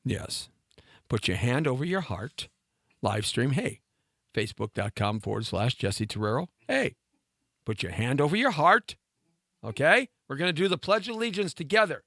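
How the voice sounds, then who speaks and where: A man's voice: a little high, pushed and bright, no echo, clean studio sound. A middle-aged man hosting a live talk show, joking and teasing himself and his cohost in a playful way. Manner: playful, self-mocking, banters with cohost. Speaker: radio show host.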